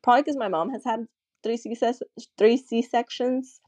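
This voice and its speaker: A young woman tells a personal story in casual chat, candid and animated, sprinkling her talk with "like." Her voice sits at a middle pitch and sounds mellow and warm. The recording is close and dry. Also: a little slow, no room sound. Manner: candid storytelling, acts out quoted voices, frequent "like". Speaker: podcast guest.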